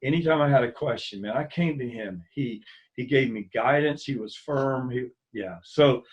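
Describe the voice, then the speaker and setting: A middle-aged man from the US mainland reminisces in a relaxed interview, speaking in a mid-range voice. He brings his stories to life, raising his voice to play the people he quotes. He sounds like a guest on a video call. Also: medium pitch, normal speed, dull audio. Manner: animated storyteller who acts out quoted dialogue with a lifted voice. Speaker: former school ministry coordinator, interview guest. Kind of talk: casual storytelling interview.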